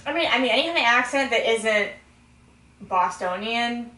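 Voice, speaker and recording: A woman with a high voice chats casually, giggling and rambling through her answers. She fills her talk with likes and ums. The recording is roomy and echoey, with her sitting a distance from the microphone. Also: lively intonation, moderate pace, sharp tone, slight background noise. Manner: giggly, rambling, lots of fillers. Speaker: interviewee. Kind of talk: casual tipsy chat.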